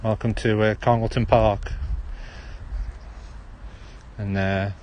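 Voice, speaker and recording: Slow and flat in delivery, a man from Stoke-on-Trent, England, speaks in a lowish, slightly mellow voice while livestreaming from his handheld phone on a walk through an outdoor park. Chatty and rambling, he drops his H's in a Potteries accent, with slight background noise.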